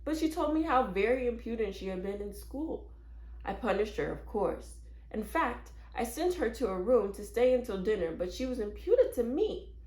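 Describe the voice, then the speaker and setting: A woman's voice: fairly high pitch, lively intonation, moderate pace, a little mellow, reverberant, close to an everyday voice. A woman voicing a prim, earnest mother who is worried about her daughter. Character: worried, proper mother of a young girl.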